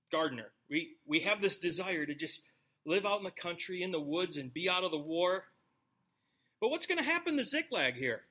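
A man's voice: a little high, pushed and bright. A man teaching through a Bible passage in a casual, conversational way, joking with his listeners between verses. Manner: conversational, joking asides to the congregation. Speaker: pastor.

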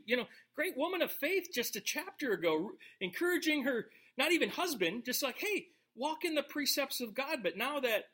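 With a bright, forceful voice that sits high, a pastor walks his listeners through a Bible passage. The tone is casual and chatty, with joking asides to the congregation between verses.

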